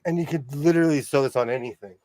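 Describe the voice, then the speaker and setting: A man hosting a casual sewing livestream from his home sewing room, easygoing and quick to laugh. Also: mid-range voice, darkish tone. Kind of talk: casual chat.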